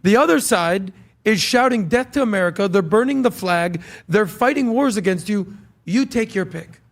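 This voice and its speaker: High-voiced gravelly man arguing hard. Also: expressive, normal speed. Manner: argumentative, punchy, builds points with examples. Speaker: podcast co-host. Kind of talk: heated political talk show debate.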